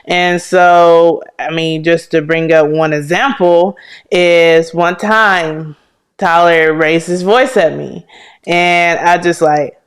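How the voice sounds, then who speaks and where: A woman's voice: lowish voice, fairly even intonation, takes it slowly. A woman co-hosting a relationship podcast with her husband, speaking candidly and emphatically from personal experience. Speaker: podcast co-host, the host's wife. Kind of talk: casual relationship talk.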